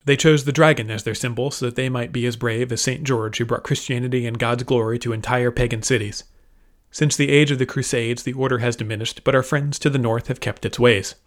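Pious nobleman addressing a crowd, formal and declaiming, mid-pitched male voice, read by a man narrating a serial. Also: steady tone, brisk, lightly acted. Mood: solemn. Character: male nobleman giving a pious public speech.

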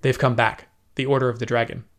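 A man voicing a reserved, measured male castle steward in an audiobook. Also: mid-range voice, little pitch movement, lightly acted. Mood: urgent.

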